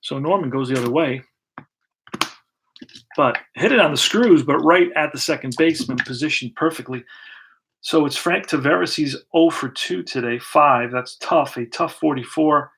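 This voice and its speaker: A man's voice: on the high side, normal speed. A man hosting and narrating a tabletop baseball replay in a casual play-by-play style, thinking aloud as he rolls dice and pulls cards. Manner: relaxed, thinks aloud while rolling dice and pulling cards.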